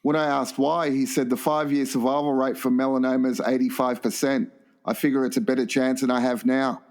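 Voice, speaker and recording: A man's voice: mid-range voice, little pitch movement, brisk, a little mellow. A man co-hosting a casual comedy podcast, with a dry, laconic way of talking. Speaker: podcast co-host.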